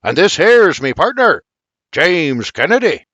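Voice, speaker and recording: A man's voice: a little high, huge pitch swings, takes it slowly, gravelly, fairly bright tone, husky, no room sound, muffled recording, voice pushed up, heavily acted. A man voicing a hearty, burly Irish frontiersman who talks in a boisterous, blustery way with an Irish accent.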